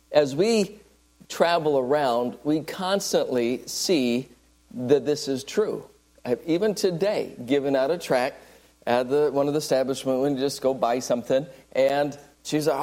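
A man's voice: fairly high pitch, darkish tone. A man preaching a sermon, telling stories and acting out the people in them. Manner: storytelling, acts out quoted people. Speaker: traveling evangelist preacher.

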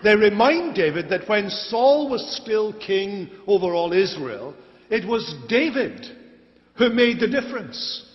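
High-voiced male preacher, emphatic, repeats phrases to drive them home; dull lo-fi tape with long church reverb. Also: big pitch swings, measured pace. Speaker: pastor. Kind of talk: expository sermon. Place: church sanctuary.

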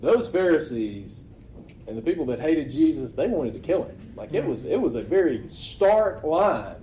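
A man's voice: a little high, sing-song, normal speed, mellow, slight background noise. A man preaching a sermon to his congregation in a casual, conversational way, often asking rhetorical questions. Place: church. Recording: echoey room.

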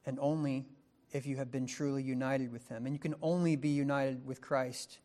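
A man preaching a sermon, emphatic, with rising stressed questions and slow deliberate phrases. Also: mid-range voice, fairly even intonation, a little mellow. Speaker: pastor.

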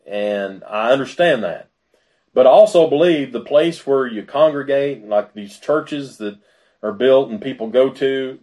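A man's voice: mid-range voice, darkish tone. A man preaching a sermon in a conversational way, with fillers and asides. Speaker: pastor.

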